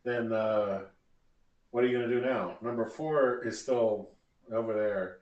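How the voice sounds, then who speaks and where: A man running a tabletop game as game master, narrating with halting fillers. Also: mid-range voice, darkish tone, far from the mic, dull audio. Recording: echoey room, voice from off-mic.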